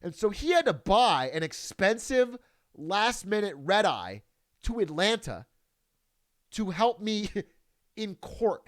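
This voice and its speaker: A man telling a story casually, swearing freely and breaking into laughter often. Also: high-pitched.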